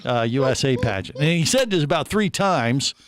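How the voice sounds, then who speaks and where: A man's voice: mid-range voice, normal speed. A man hosting a casual radio talk show from a studio, telling a long story with lots of restarts and asides. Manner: animated storyteller, many restarts.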